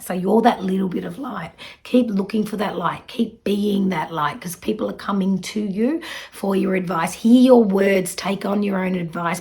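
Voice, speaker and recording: A middle-aged woman, giving a spiritual card reading in a soft, earnest, reassuring way with many fillers. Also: medium pitch. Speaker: psychic card reader.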